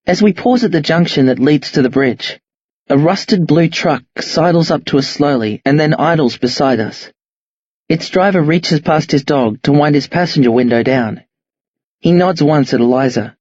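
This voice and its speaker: Husky-voiced male audiobook narrator. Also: fairly high pitch, normal speed, a little mellow, no echo, dull audio. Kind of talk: first-person audiobook narration.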